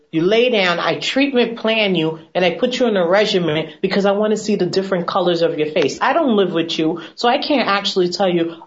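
Woman, esthetician, lowish voice, emphatic, chatty, dull lo-fi sound. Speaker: esthetician guest. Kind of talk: casual TV chat.

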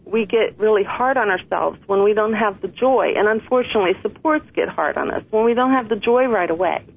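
A woman's voice: medium pitch, a little fast, gravelly, slightly rough. Woman guest on a phone line, thoughtful and earnest, sounds thin and tinny. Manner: earnest, reflective, laughs softly. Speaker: author and guest. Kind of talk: interview conversation.

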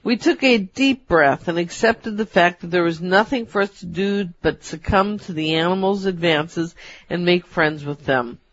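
A woman co-hosting a talk show, reading a personal story aloud in a measured storytelling manner. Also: on the low side, dry recording. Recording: dull, dry.

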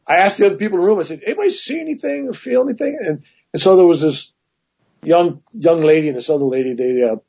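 A man's voice: mid-range voice, breathy edge, dull audio. A man telling long personal stories as a guest in a casual interview, with many asides. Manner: rambling, animated anecdotes with many "right?" asides.

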